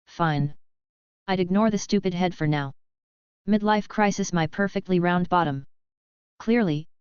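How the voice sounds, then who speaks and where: A woman's voice: fairly low pitch, darkish tone, smooth, no echo. A woman narrating a novel in the first person, with a casual, snarky manner. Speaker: audiobook narrator. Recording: dull lo-fi audio.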